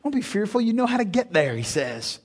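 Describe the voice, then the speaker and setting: High-voiced impassioned male preacher. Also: very animated, brisk, husky. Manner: impassioned, swings from hushed to near-shouting; addresses listeners as "beloved". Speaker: pastor. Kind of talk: sermon. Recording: long reverb of a large hall.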